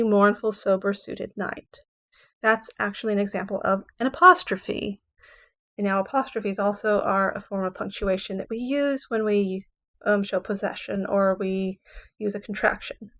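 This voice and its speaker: This English professor's poetry lecture sits at a pitch neither high nor low. She first reads verse lines slowly, pressing hard on the stressed words, and then explains them simply, with the odd "um" or "okay."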